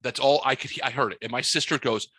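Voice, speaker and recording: A man hosting a podcast, telling a story in a boisterous, profane, animated way. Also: medium pitch, fast, breathy edge, no echo. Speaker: podcast host. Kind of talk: casual storytelling chat. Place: podcast studio.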